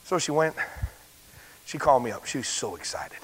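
A male pastor preaching a fervent sermon, shouting his points and dropping to a hush to tell a story. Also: medium pitch, big pitch swings, normal speed, pauses often, a little hiss or hum, poor audio. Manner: fervent, swings from loud shouting to hushed storytelling.

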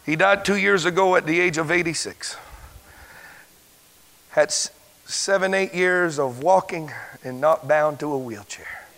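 A man preaching a sermon as pastor, stumbling over repeated words and breaking into shouted exclamations. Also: on the high side, unhurried, creaky, long pauses. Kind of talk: sermon with a healing testimony.

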